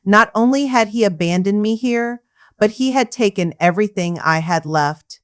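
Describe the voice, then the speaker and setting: A woman's voice: mid-range voice, moderate pace, clear, resonant tone. A woman reading a first-person family drama story with emotional, dramatic delivery. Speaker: narrator.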